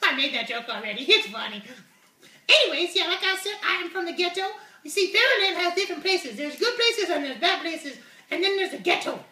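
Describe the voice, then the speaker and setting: Squeaky cussing unicorn puppet, all swagger, bouncy, echoey room. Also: male voice, sing-song, a little fast, bright, forceful tone, full character voice. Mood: brash. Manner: swaggering, swears constantly. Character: brash foul-mouthed male unicorn puppet.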